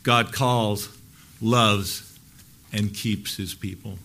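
A male pastor preaching a Sunday sermon, earnest, lifting his voice for emphasis and letting phrase ends fall soft. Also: lowish voice, fairly even intonation, extremely slow.

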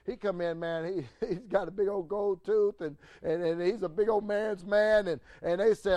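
A middle-aged man, a pastor, telling a story in a sermon with animated swings from loud to hushed and stammering restarts. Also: sits high, moderate pace, hardly any pauses, no echo.

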